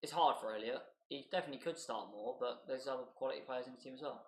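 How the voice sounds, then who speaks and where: A man calls a football match live for his stream, speaking at a medium pitch. He stays loose and chatty, mixing play-by-play with asides to viewers. The room around him gives a noticeable echo. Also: very fast.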